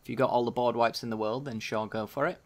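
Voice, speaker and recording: A man's voice: medium pitch, fairly even intonation, quick pace, a little mellow. Casual man thinking aloud over a card game. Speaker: gaming channel host.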